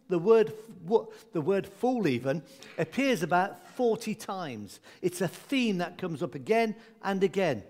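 Chatty preacher with a light, raised voice. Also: male voice, high voice. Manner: conversational and humorous, with asides. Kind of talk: sermon.

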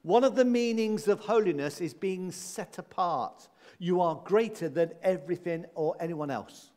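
A man preaches a sermon with a slightly high voice, leaning on key phrases and repeating them. His voice carries a long reverb, as if from a church hall. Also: normal speed, mellow.

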